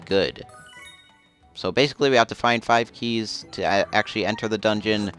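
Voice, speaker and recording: A man's voice: on the low side, moderate pace, fairly bright tone, clear, resonant tone, faint music behind. A man casually commenting as he plays a video game, rambling and chatty. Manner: rambling, chatty, often laughing. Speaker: let's play host.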